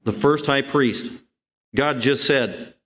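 A man preaching an expository sermon, animated and full of rhetorical questions, reading scripture slowly and with emphasis. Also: medium pitch. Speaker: pastor.

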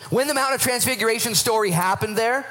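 A man's voice: extremely high pitch, fast talker, sharp tone. A man preaching a sermon to his church, acting out voices of Bible figures as he goes. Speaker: pastor.

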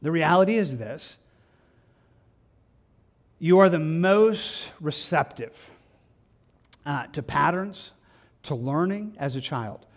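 A male pastor preaching an evening sermon in an earnest, gentle way, often repeating words and restarting his phrases. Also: a little high, animated, takes it slowly, pauses often.

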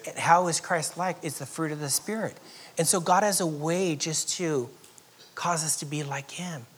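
A man from Southern California preaching a sermon, swinging from loud emphatic lines to soft, almost whispered passages, with chuckles along the way. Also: on the high side, slightly rough. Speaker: pastor.

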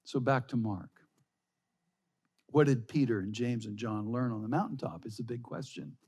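A man preaching a sermon, slow and emphatic, reading scripture aloud. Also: medium pitch, a little mellow, husky. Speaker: pastor.

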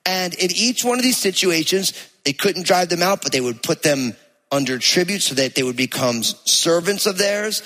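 A man with a New Jersey accent, a pastor giving a conversational, animated sermon and reading scripture aloud to his church. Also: high voice, normal speed. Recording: long hall reverb.

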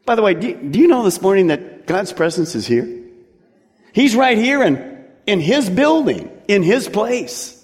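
A man's voice: high-pitched, big pitch swings, measured pace, a little mellow. A man preaching a sermon as pastor, emphatic and drawing out key words for weight. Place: church sanctuary. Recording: long hall reverb from a church.

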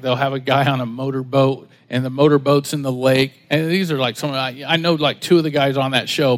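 A man pastor preaching a sermon in a casual, storytelling way, acting out the voices of people he quotes. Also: fairly high pitch. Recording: long hall reverb.

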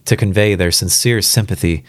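A restrained, uneasy messenger in a spoken story, formal and quiet in a low, deep voice, as a man reading aloud puts him on. The sound is dry and close. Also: normal speed, no echo, natural voice. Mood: somber.

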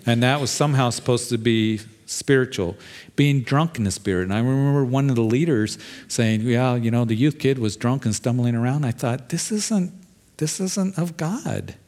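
A man's voice: medium pitch, steady tone, brisk, darkish tone. Man preaching in a conversational way. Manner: conversational preaching, acts out quoted voices. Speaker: pastor. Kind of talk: sermon.

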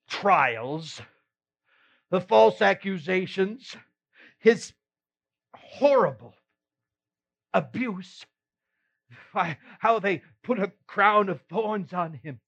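A man's voice: sits high, full character voice. A man playing the apostle Peter, retelling his failings in an earnest, emotional first-person monologue with sighs and rueful laughs. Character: remorseful apostle Peter, adult man, earnest and self-reproaching. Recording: slightly muffled recording.

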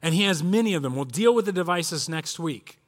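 A pastor in his forties delivers a church sermon in a notably high voice. He tells stories with animated energy and acts out the voices of the people in them. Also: a little fast. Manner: animated storytelling with quoted voices.

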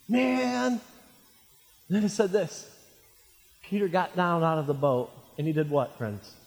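A male pastor preaching a sermon, animated and jokey, calling his listeners friends. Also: high voice, slow, vocal fry. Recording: reverberant hall.

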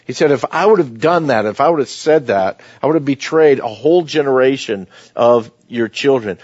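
A man's voice: mid-range voice, animated, normal speed, darkish tone, breathy edge, dry recording. A man preaching a sermon, reading scripture aloud and then explaining it in plain conversational words. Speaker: pastor. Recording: dull, dry lo-fi sound.

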